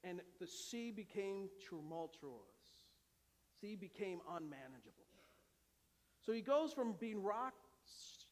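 A male pastor preaching a dramatic sermon, dropping to a hush and rising to shouts, with humorous asides. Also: high-pitched. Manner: dramatic, swings from hushed to shouting. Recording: long hall reverb.

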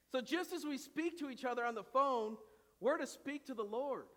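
A male pastor with a high voice delivers an impassioned sermon, swinging from loud to hushed. He speaks in a church sanctuary, and the recording carries the long reverb of a church hall.

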